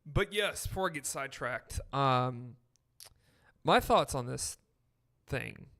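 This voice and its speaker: Slow, gravelly male co-host for a rambling casual sports chat. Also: mid-range voice, expressive, fairly bright tone. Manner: slow, rambling, with fillers and laughs. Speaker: podcast co-host.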